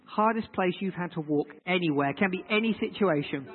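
A man's voice: high voice, a little fast, slightly rough. A man preaching informally to people at tables, chatty and teasing, repeating his questions to the room. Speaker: preacher leading a group session. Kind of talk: informal sermon with audience discussion. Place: large hall with tables. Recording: tinny lo-fi audio in a reverberant hall.

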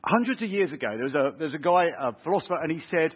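A man preaching a lively sermon, acting out little scenes with family voices. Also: fairly high pitch, rapid-fire, few pauses, breathy edge. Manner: animated, acts out voices of kids and parents. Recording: tinny phone-like sound.

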